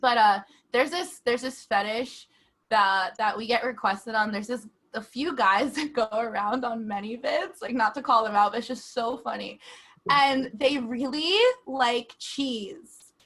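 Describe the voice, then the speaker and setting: A high-pitched woman with a bright, sharp tone chats casually. She talks with lots of fillers and breaks into giggles often. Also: measured pace. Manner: giggly, frequent laughter, filler-heavy. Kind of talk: casual chat.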